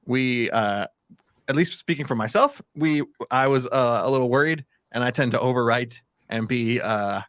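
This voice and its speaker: Dude tossing in dry little asides, no room echo at all. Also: male voice, medium pitch, normal speed, a bit bright. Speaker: comic book co-writer. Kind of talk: casual interview chat.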